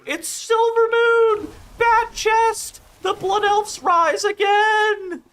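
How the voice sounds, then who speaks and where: A shrill, gushing gamer friend. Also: male voice, fairly even intonation, very slow, fairly bright tone, full character voice. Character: squeaky overexcited roleplaying gamer friend.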